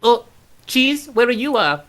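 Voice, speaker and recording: A man's voice: extremely high pitch, very animated, measured pace, a bit bright, pitched above the performer's own voice, exaggerated voice. A man voicing a weary old woman with a world-saving mission, who talks in a dry, matter-of-fact, resigned way. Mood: grim.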